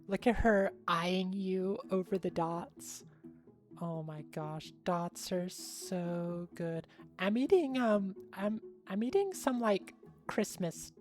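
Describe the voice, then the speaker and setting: A woman's voice: mid-range voice, darkish tone. A young woman streaming live, chatting casually with her viewers in a bubbly way and laughing often.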